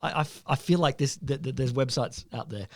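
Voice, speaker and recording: Playful man riffing on a podcast. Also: medium pitch. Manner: playful, riffing, quick to laugh along. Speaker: podcast co-host. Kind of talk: casual comedic science chat.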